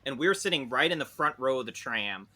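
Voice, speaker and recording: A man telling a funny story on a casual podcast. He is animated, swears freely and often laughs. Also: medium pitch, quick pace. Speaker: podcast co-host.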